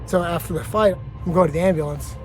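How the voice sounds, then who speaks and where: Brief: male fighter recounting a brawl, slightly high voice, blunt and profane, music bed under him. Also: steady tone, quick pace. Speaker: fighter interviewee. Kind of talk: storytelling interview.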